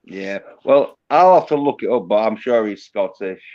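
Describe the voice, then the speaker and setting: A British man in casual chat, stubborn and halting, often repeating his words. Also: fairly low pitch, lively intonation. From Britain. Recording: dull lo-fi sound.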